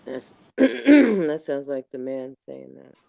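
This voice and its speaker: A man co-hosting a casual discussion, reasoning slowly with hesitations. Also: fairly high pitch, sing-song, creaky, dry recording, dull audio. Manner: thoughtful, hesitant, reasoning step by step. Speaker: co-host. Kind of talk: casual chat.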